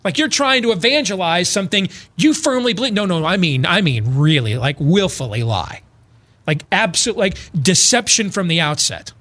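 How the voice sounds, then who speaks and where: A man's voice: very animated, normal speed, bright, forceful tone. A male talk show host, sarcastically paraphrasing others in comedic political talk with sudden put-on voices. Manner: sarcastic, mocking paraphrase with sudden high impressions.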